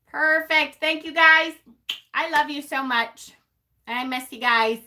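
With a high-sitting, sharp voice and a slow pace, this witchy livestream host from North Carolina chats casually with viewers. She reads their comments, teases them, and laughs a lot.

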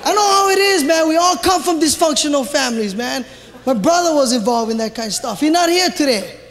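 A man doing live stand-up comedy in a Hawaii Pidgin-inflected accent, animated and shouting his punchlines in a large theater. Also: very high voice, a little fast. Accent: Hawaii Pidgin-inflected English. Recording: live theater hall with crowd.

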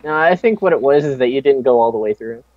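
A man's voice: mid-range voice, expressive, quick pace, a little hiss or hum. A young man playing a horror game with a friend, joking sarcastically and swearing often. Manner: sarcastic, swears a lot, jokey. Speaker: gamer, channel host. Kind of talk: casual let's-play banter. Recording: dull lo-fi mic with faint game music.

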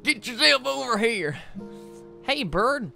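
Pushy little male bird, southern drawl, squeaky high voice, man putting it on. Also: very animated, slow, creaky, bright, forceful tone, faint music behind, exaggerated voice. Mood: urgent.

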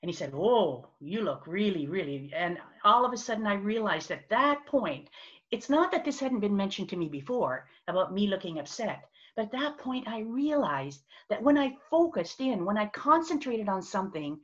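A woman giving a conversational workshop talk over a video call, expressive and acting out little examples as she goes. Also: mid-range voice, normal speed. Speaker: speaker on virtual presence. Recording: dull lo-fi video call audio.

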